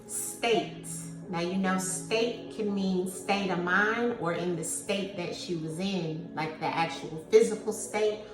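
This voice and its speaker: A woman giving a spiritual tarot reading in a slow, soothing way, calling her viewers family. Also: on the low side. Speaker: tarot card reader. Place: room at home with incense burning. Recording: echoey room, far from mic, music behind.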